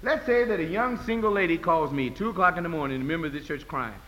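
A man preaching a sermon as pastor, with call-and-response rhythm, moving from low talk to loud high cries. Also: fast. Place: church. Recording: long reverb of a church hall.

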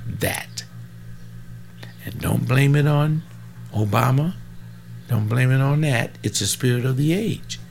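A man's voice: mid-range voice, vocal fry, darkish tone, a little hiss or hum. A man in his seventies preaching in an informal, rambling way, fervent, with folksy asides and sudden bursts of emphasis. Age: 70s.

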